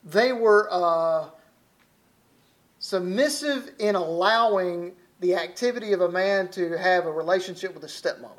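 A man with a Southern accent, from Alabama, preaches in a loose, folksy sermon voice. His voice sits fairly high for a man. He talks like a visiting preacher chatting with the congregation, often stopping to rephrase himself. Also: unhurried, fairly bright tone. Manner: folksy, conversational preaching with frequent restarts.

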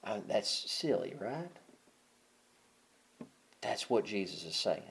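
A man preaching a sermon as pastor, building to loud, impassioned peaks and dropping to quiet, conversational asides. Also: lowish voice, big pitch swings, slow pace, creaky.

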